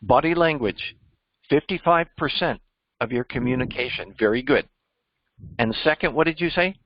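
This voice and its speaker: A man's voice: medium pitch, animated, moderate pace, no echo, dull audio. A man mentoring a group on job interviews, emphatic and teacherly, quizzing his listeners as he goes. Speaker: cybersecurity mentor. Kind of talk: coaching discussion.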